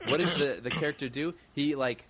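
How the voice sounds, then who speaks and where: A man's voice: on the high side, fairly quick, very noisy. A man co-hosting a podcast, joking through a movie review and slipping into goofy voices for his bits. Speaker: podcast co-host. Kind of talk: casual movie review chat.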